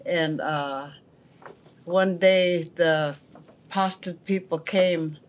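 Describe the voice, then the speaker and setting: A woman telling a family story in a podcast, halting, with many pauses and fillers. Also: fairly low pitch, fairly even intonation.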